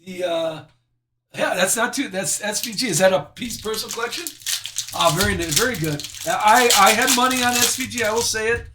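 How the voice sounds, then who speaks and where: A man's voice: sits high, brisk, background noise. A man hosting a live sports card break, chatty and self-deprecating as he reads out each card he pulls.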